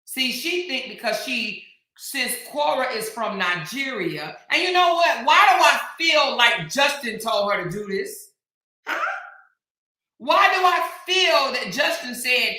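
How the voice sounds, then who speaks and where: Woman, American accent, sassy, emphatic, higher voice, echoey room recording. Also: big pitch swings, slow pace, bright, forceful tone. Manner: sassy, emphatic, addresses people directly. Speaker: commentary vlogger host. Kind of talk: casual commentary.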